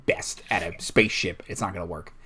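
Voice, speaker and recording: A man's voice: low-pitched, steady tone, a little fast, pushed and bright, breathy edge. Man, game master, loose chatty narration, laughs a lot, tabletop game.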